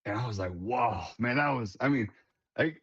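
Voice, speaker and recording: This guest, head of a veterans nonprofit, speaks earnestly and casually while telling stories, frequently restarting words and addressing people as "man." He has a mid-range, slightly bright voice at normal speed, and the audio's highs are cut off.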